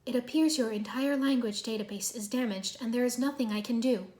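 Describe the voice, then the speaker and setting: A woman plays a composed female robot helper in a storybook reading. She speaks flatly and formally, and her voice sits a touch high. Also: a little fast, natural voice. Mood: informing. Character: female robot companion, calm, precise.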